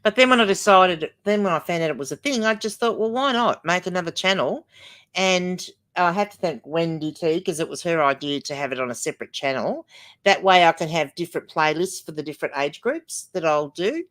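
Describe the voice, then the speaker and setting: A woman's voice: lowish voice, expressive, fairly quick, a bit bright. An older woman hosting a casual livestream, chatty and rambling as she reads out viewer comments. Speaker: livestream host.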